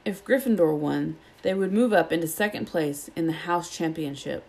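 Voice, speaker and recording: A woman reads a children's novel aloud, keeping an even, steady storytelling pace. Her voice sits a little low for a woman. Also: moderate pace. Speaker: audiobook reader.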